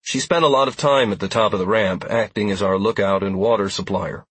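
Male first-person audiobook narrator, steady delivery, breathy husky tone, close and dry. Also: lowish voice, a little fast, dry recording.

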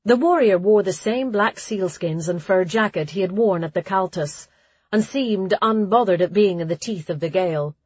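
A woman narrating an audiobook in a steady storytelling reading. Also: mid-range voice, normal speed, husky, no echo. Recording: dry, slightly dull lo-fi sound.

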